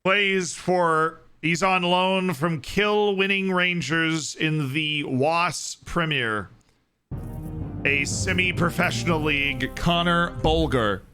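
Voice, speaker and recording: A man on a live stream, talking to his chat with easy excitement and frequent laughter. His voice is bright and a touch raised in pitch, and he takes his time with the words. Soft music plays faintly behind him. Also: takes it slowly, clear, resonant tone. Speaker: streamer playing a football management game.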